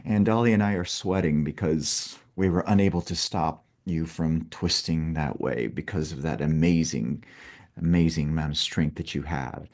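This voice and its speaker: A man's voice: very deep voice, moderate pace, darkish tone. A man leading a workshop, guiding a participant through a group exercise with step-by-step instructions and frequent checks of "okay". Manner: instructive, peppers talk with "okay". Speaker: workshop facilitator.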